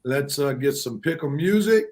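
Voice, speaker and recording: A man's voice: fairly high pitch, animated, normal speed, a little mellow. A man hosting a casual sports talk show, speaking with emphatic, preacher-like delivery. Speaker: show host.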